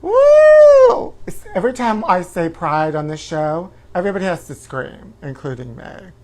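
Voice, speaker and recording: A man's voice: on the high side, expressive, normal speed. A man playing a self-absorbed woman hosting a trashy tabloid talk show, drawling honey at everyone and breaking into whooping shrieks. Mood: campy gossip. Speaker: host. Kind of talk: campy comedic live-stream character.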